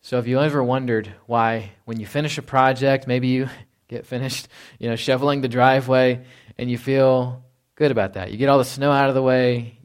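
A man's voice: mid-range voice, clear, resonant tone. Man preaching a conversational sermon. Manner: conversational preaching with rhetorical questions. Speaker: pastor.

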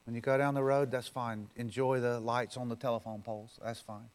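A man pastor preaching a sermon, swinging from loud, forceful declarations down to a soft, intimate appeal. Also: medium pitch, level tone, brisk. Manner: preaches with loud swells, then drops to soft, close talk.

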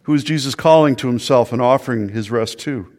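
A man's voice: medium pitch, fairly quick, darkish tone. A male pastor preaching an earnest sermon, often repeating words and asking the listeners questions. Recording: long hall reverb.

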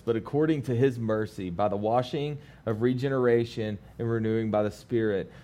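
A pastor in his thirties with a medium-pitched voice preaches a sermon, moving between lively, laughing storytelling and calm scripture reading.

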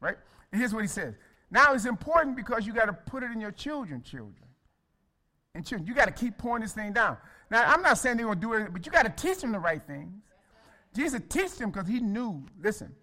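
A man's voice: high-pitched, expressive, fairly quick, bright, forceful tone. A male pastor preaching a sermon in a folksy, colloquial way, calling on the congregation to respond and addressing listeners by name.

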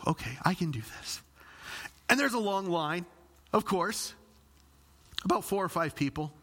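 A middle-aged male pastor preaching a sermon, telling a story with lively acted-out quotes and humor. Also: sits high, measured pace, pauses often. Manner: animated storyteller, acts out quotes.

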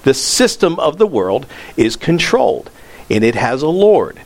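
A man's voice: on the high side, sing-song, unhurried. A pastor delivering a sermon in a conversational way, raising his voice for emphasis. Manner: conversational preaching that rises in emphasis on quoted lines.

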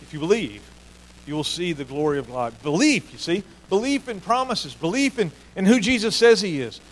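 A man preaching a sermon with an earnest delivery. His voice sits a little high for a man, and he repeats key phrases to drive them home. A faint hum runs underneath. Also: lively intonation, moderate pace, poor audio. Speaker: pastor.

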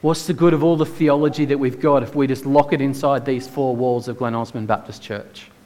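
A man's voice: mid-range voice, fairly even intonation, brisk, darkish tone, long reverb tail. A man preaching a sermon in a church, earnest and emphatic, firing off rhetorical questions.

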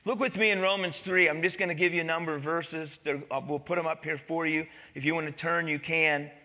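High, bright-voiced pastor preaching a sermon. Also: male voice, steady tone, fairly quick. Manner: asks the congregation questions and calls for amens; drops to a soft, low delivery at the end of phrases. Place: church.

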